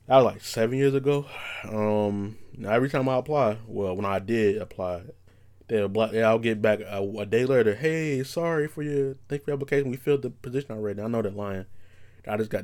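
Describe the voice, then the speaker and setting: A man's voice: fairly low pitch, darkish tone. A young man, telling rambling, profane stories in a laid-back podcast monologue. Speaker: podcast host. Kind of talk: casual storytelling monologue.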